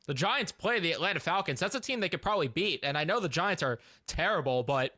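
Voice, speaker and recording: A man's voice: on the high side, lively intonation, fast, sharp tone. A young man ranting in a casual fan reaction video, exasperated and laughing in disbelief.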